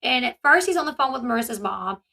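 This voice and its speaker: A woman chats casually on her own commentary channel, animatedly retelling events and slipping into the voices of those she quotes. Her voice is high, bright, forward and gravelly, and she talks at a quick pace.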